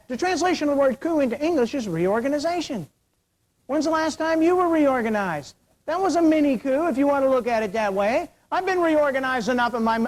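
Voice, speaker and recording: Middle-aged guy lecturing a hall, quick talker, cracks jokes, voice going a bit hoarse. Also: very high-pitched. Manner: joking, conversational, rhetorical questions. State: losing his voice. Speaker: security awareness speaker. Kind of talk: lecture to an auditorium. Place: auditorium.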